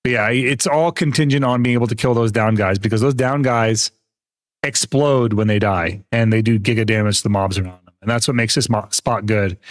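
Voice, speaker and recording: A man's voice: lowish voice, a little fast, no echo, studio quality. A young man streaming a video game, chatting casually with viewers, laughing often and explaining game mechanics. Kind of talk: casual gameplay commentary.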